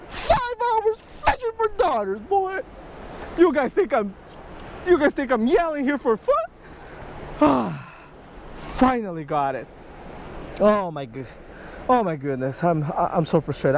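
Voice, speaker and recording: A man narrating his own fishing vlog outdoors at a creek, excitable, talking to himself and the fish and shouting when he gets excited. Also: sits high, slight background noise. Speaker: fishing vlogger.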